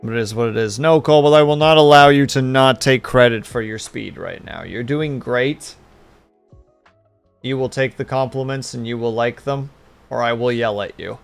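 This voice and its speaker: A man's voice: medium pitch, fairly quick, vocal fry, clean tone, soft background music. A man streaming live, chatting casually and rambling to his chat.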